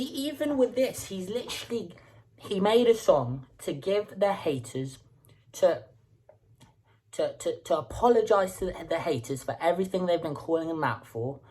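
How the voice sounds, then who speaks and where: A woman's voice: on the low side, sing-song, normal speed, mellow, husky. A woman hosting a music reaction video, talking casually and stumbling over repeated words as she thinks aloud.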